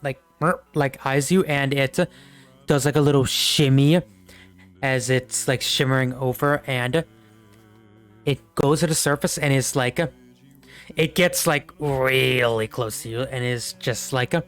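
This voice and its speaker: A man's voice: medium pitch, fairly even intonation, unhurried, fairly bright tone, smooth, faint music behind. A young man narrating a tabletop game as game master, rambling with many fillers.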